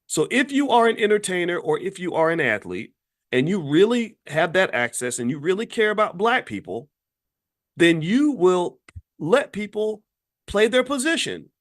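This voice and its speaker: A man giving an emphatic, animated monologue in casual commentary, often repeating himself and swinging from low, quiet lines to high, loud ones. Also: moderate pace. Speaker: commentator on Black economics.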